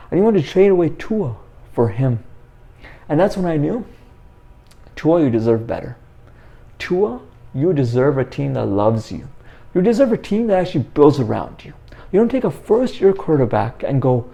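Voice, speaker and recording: A man's voice: on the high side, sing-song, moderate pace, creaky, pauses often, mellow. A young man giving a heated, repetitive sports opinion rant as the host of his own channel. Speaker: sports commentator. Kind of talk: ranting sports opinion monologue.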